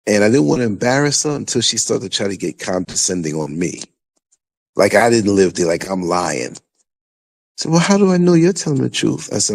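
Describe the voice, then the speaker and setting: Older new guy on a podcast, raspy gravelly voice, talks big and emphatic. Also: lowish voice. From New York. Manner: animated storytelling, emphatic and repetitive. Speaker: podcast host. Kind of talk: casual chat.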